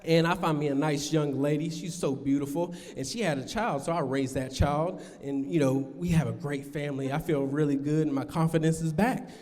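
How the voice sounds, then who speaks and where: A man with a fairly high voice, working a live crowd as a stand-up comedian. He tells loose rambling stories and jumps into squeaky put-on voices for other people. His voice rings with the long reverb of a performance venue. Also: steady tone, brisk, few pauses, a little mellow.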